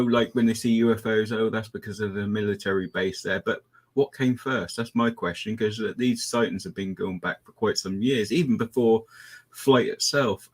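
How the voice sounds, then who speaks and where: A man with a fairly low voice co-hosts a casual mystery podcast. He muses and speculates, trailing off and hedging, with the odd laugh between points. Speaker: podcast co-host. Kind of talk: casual conspiracy chat.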